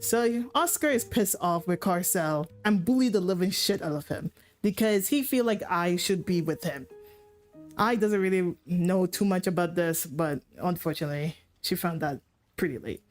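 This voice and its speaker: A woman's voice: lowish voice, moderate pace, soft background music. A woman streamer casually retelling a story, rambling, swearing and laughing.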